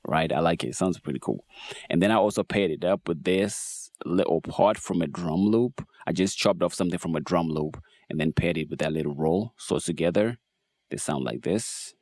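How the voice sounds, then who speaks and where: Deep, mellow-voiced man explaining a beat. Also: moderate pace, no echo. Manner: laid-back, relaxed explaining. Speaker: beat producer tutorial host. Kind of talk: casual tutorial narration. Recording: faint music behind voice. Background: beat playback.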